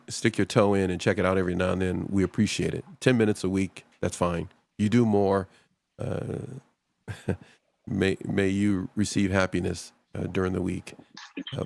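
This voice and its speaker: A male talk show host with a lowish voice that has a gravelly edge. He rambles in a relaxed way and keeps turning to speak directly to his audience. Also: no room sound. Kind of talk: casual talk show discussion.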